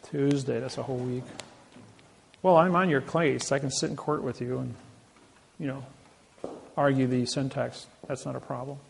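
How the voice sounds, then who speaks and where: Creaky-voiced boastful man. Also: medium pitch, steady tone, moderate pace, long pauses, slight background noise. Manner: boastful, emphatic, repeats and restarts words. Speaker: speaker answering an audience. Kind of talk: boastful storytelling talk.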